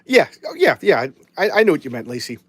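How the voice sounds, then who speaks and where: A man's voice: on the high side, big pitch swings, a little fast, slightly rough, no echo. Rambling middle-aged man chatting about comics. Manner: rambling, chatty, frequent restarts; wry, jokey asides. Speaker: comic book show host. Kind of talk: casual live comic book chat.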